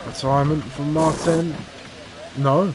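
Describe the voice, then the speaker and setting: A man co-commentating a sim race, telling rambling anecdotes with halting restarts. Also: on the high side, fairly even intonation, background noise.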